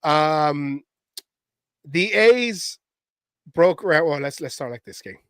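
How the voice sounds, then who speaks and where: A man co-hosting a casual sports talk show, telling stories in a lively, rambling way and acting out crowd chants. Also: fairly high pitch, takes it slowly, clean tone, dry recording. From Oakland area, California. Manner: animated, acts out chants in his stories. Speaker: podcast co-host. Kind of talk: casual storytelling chat.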